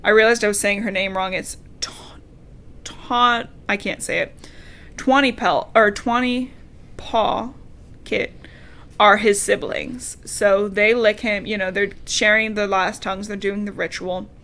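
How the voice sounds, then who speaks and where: A woman's voice: medium pitch, measured pace. Chatty woman recapping a book. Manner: animated, laughing, swears casually. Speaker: podcast co-host. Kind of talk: casual book recap chat.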